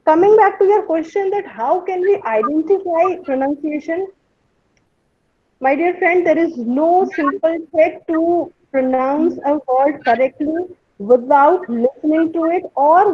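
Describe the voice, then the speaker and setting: A woman's voice: high voice, dry recording. A woman giving a webinar lecture and answering questions, explaining patiently, often repeating words and checking in with "right?". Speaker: guest speaker. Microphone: video call. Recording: dull, dry webinar audio.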